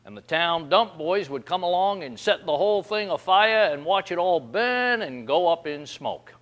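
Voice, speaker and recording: A folksy man tells comic yarns in a slightly high voice. He talks like a down-home storyteller and chuckles as he goes. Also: animated, normal speed, a bit bright, lo-fi sound. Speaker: host of a humor segment.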